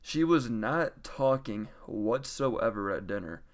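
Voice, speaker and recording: Young male storyteller, clear smooth voice, casual and chatty, swears freely. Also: mid-range voice, animated, takes it slowly. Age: young adult. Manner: casual, profane, chatty retelling; acts out quoted lines in varied voices.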